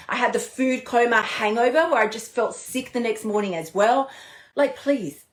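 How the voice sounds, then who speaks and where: Animated, chatty woman coach in an echoey room. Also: on the high side. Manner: animated, chatty, swears casually, laughs often. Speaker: podcast host and eating coach. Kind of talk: live-streamed motivational talk.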